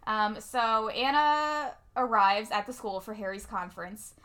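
A young woman casually recapping a movie with a friend, chatty and quick to laugh as she acts out lines. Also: a little high, steady tone, a bit bright, clear, resonant tone. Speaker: podcast co-host.

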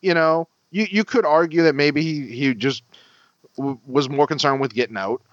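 Profane, animated man telling a story. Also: a little high, moderate pace, no echo, lo-fi sound. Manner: animated, profane, voice shoots up when quoting himself. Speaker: podcast co-host. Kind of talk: casual storytelling.

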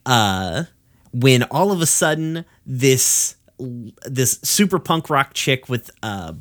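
A man's voice: medium pitch, lively intonation, a bit bright. A man co-hosting a podcast, recapping a cartoon episode in rambling casual chat, swearing freely and laughing often. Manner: rambling, profane, laughs often, voices characters in quick asides.

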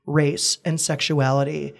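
Young man, twenties, guest; earnest, measured, reflective delivery. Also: a little high, level tone, gravelly. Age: 20s. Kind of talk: candid personal conversation.

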